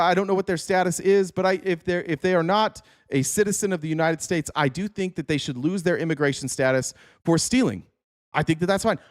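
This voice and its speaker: A man's voice: high-pitched, no echo, clean studio sound. A man giving an opinion monologue as a political commentator, blunt, heated and profane.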